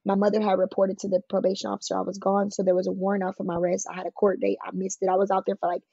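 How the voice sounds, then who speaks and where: Woman guest telling her story, plain-spoken and frank, raspy and gravelly, on a dry recording. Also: mid-range voice, monotone, rapid-fire, warm tone, no echo, highs cut off. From California. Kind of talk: emotional personal storytelling in an interview.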